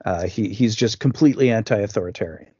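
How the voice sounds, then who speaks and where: A man's voice: fairly low pitch, brisk, darkish tone, slightly rough, no room sound, highs cut off. Man with a dry, close voice, analyzing a film. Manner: analytical, makes pop-culture comparisons, repeats words when starting. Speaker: podcast co-host. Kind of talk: casual film discussion chat.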